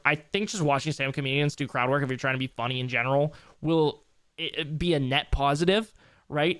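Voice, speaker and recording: A man's voice: fairly high pitch, a bit bright, clear, resonant tone, dry recording. A young man streaming late into a long session, rambling casually in a loose, tired way and swearing now and then. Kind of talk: casual live-stream commentary.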